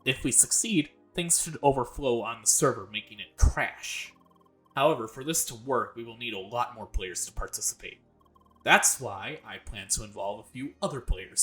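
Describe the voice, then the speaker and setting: Man, let's play host, reads game dialogue aloud, plain delivery, chats between lines, middle pitch, faint music behind. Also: a bit bright.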